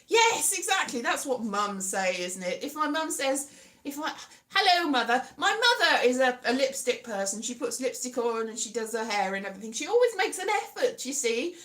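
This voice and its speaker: A woman's voice: on the high side, big pitch swings, brisk, fairly bright tone. A woman in her thirties chatting casually to viewers, rambling and self-mocking, drifting into sing-song now and then. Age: 30s. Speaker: livestream host. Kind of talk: casual chat reading viewer comments.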